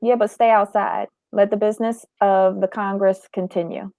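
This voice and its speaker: Measured woman panelist, dry sound. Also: medium pitch, fairly even intonation, dark tone, no echo. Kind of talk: casual commentary chat.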